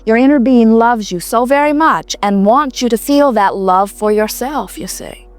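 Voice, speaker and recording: A woman giving an inspirational talk to a live audience, speaking as a collective "we" in a calm, reassuring way with repeated phrases. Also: fairly high pitch, normal speed, clear, resonant tone, dry recording, soft background music. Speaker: seminar speaker answering audience questions.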